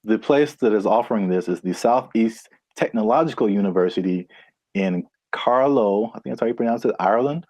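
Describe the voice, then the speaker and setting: A man co-hosting a casual podcast chat in a relaxed, easygoing way, with frequent laughter. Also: lowish voice, brisk, no room sound. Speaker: podcast co-host.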